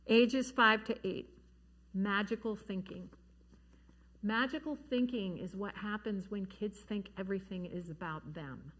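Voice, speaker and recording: A woman giving an earnest, gentle talk to parents about grief at a church forum, slowing down to stress key words. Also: medium pitch. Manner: gentle, earnest, slows down for emphasis. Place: church hall.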